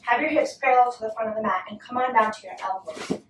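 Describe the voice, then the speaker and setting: A woman leading a yoga class at home, giving gentle, encouraging cues. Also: a little high, quick pace, noisy background. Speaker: yoga instructor. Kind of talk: guided yoga class with a toddler. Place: home room. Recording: echoey room, mic at a distance.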